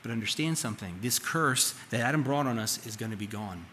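Brisk and animated, this male pastor speaks with a medium pitch and a sharp tone. His sermon, delivered in a church sanctuary, is casual and full of questions for the congregation, and the recording picks up live hall reverb and faint background noise.

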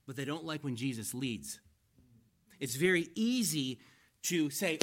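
Slightly high-voiced man preaching a sermon. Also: lively intonation. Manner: conversational Bible teaching, asks the listeners questions; reads scripture slowly and with emphasis. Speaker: pastor.

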